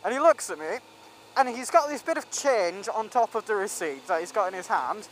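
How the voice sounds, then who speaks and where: A man's voice: sits high, lively intonation, normal speed, a little hiss or hum, rough recording. A young man telling a rambling story in a casual vlog, full of ums and restarts. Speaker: vlogger.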